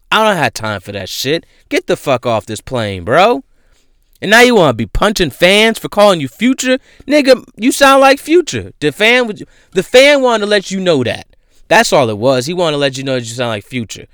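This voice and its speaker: Young man, exasperated celebrity gossip rant, smooth resonant voice, dry close sound. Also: a little high, big pitch swings, normal speed, no room sound. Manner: loud, exasperated ranting with slang and profanity. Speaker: host. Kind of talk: casual celebrity news commentary.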